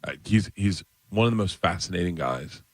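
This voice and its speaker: Comedian in his 50s, low voice, lively storyteller, dry studio sound. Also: normal speed, no room sound. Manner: animated storyteller, acts out quoted voices in a higher pitch. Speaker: stand-up comedian guest. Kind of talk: storytelling on a radio show.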